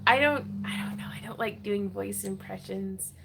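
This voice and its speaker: A woman's voice: mid-range voice, normal speed, gravelly, fairly bright tone, a little hiss or hum. A woman hosting a casual crafting livestream, chatty and greeting viewers by name, laughing often. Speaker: livestream host.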